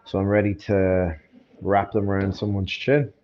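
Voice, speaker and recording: Low-voiced man, laid-back banter. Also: flat delivery, moderate pace, darkish tone. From Ireland. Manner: laid-back banter, laughs easily, repeats words as he restarts. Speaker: MMA fighter, podcast guest. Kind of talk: casual podcast chat. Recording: dull lo-fi sound with faint noise.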